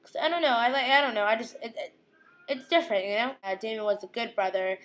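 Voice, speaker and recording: A young woman casually recapping a TV episode, gushing, giggling and quoting characters in quick impressions. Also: a little high, fairly bright tone.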